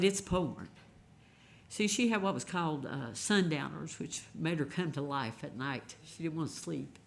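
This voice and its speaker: A singer-songwriter, telling a folksy, gentle story between songs at a live songwriters' round, with unhurried pauses. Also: medium pitch, gravelly.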